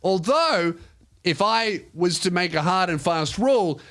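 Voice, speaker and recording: A man's voice: sits high, expressive, unhurried, a bit bright. A young Australian man, a comedian and podcast host, telling an exasperated, profane story as a comic rant. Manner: exasperated, profane, mock-polite quoting.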